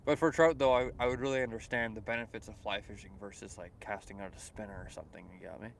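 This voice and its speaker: A man's voice: on the low side, fast talker, vocal fry, slight background noise. A young Canadian man with a Canadian accent, live-streaming a fishing trip outdoors, chatting casually and answering viewers' messages with lots of fillers. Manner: reads chat messages aloud and answers them, relaxed and chatty with frequent fillers. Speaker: fishing livestreamer. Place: outdoors by the water at sunrise.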